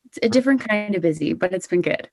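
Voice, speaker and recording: A woman's voice: mid-range voice, lively intonation, quick pace, creaky, a little mellow, no room sound. Chatty young woman singer, dry sound. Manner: bubbly, chatty, with many "like" and "you know" fillers. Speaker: country singer-songwriter guest. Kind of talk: casual interview chat.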